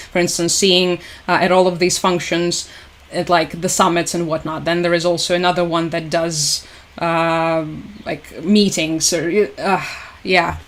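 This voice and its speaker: A woman hosting a casual livestream from home, chatty and sarcastic, laughing often. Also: on the low side. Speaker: livestream host. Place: at home with her dog.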